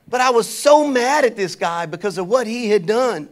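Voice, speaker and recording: A pastor preaching a sermon, telling stories and calling on the congregation to answer back. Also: male voice, high voice, normal speed, few pauses. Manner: animated preaching with call-and-response to the congregation; conversational storytelling.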